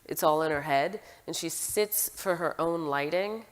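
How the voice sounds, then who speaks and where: Brief: low-pitched woman guest, eager, stumbling over words, long reverb behind. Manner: halting, many restarts, enthusiastic. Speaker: film director, interview guest. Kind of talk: casual interview talk.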